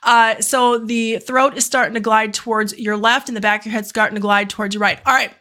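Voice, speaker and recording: A woman hosting a live stream, reading oracle cards and doing channeled healings, talking fast and effusively with rambling asides and exclamations. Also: fairly high pitch, fairly even intonation, sharp tone. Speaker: oracle card reader and energy healer. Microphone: live stream setup.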